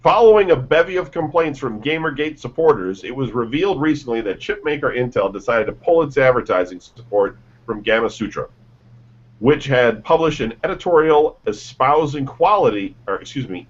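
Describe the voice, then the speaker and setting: A man's voice: mid-range voice, sing-song, moderate pace, breathy edge. A man hosting a casual gaming news radio show, reading lists and headlines with offhand asides and stumbles. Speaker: news host. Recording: dull lo-fi sound.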